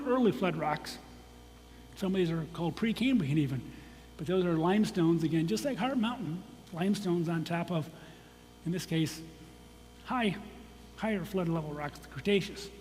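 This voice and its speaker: A man's voice: high-pitched, lively intonation, brisk, darkish tone. A man from Michigan giving a casual, conversational presentation to an audience as a guest geologist, with frequent restarts and asides. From Michigan, USA. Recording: long hall reverb, faint hum.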